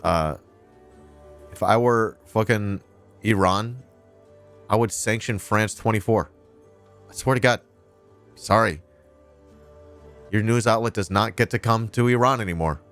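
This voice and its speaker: Sarcastic low-voiced male streamer. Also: measured pace, long pauses, fairly bright tone, faint music behind. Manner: sarcastic, indignant, with crude asides. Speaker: streamer reacting to a news clip. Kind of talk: casual live-stream commentary.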